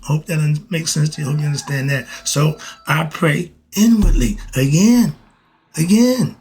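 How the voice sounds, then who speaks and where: A man's voice: on the high side, moderate pace, breathy edge, soft background music. A middle-aged man in a casual spiritual monologue who talks straight to the listener and keeps asking and answering his own questions. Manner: preachy, repeats "why?" and "okay?", talks to listener directly. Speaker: podcast host.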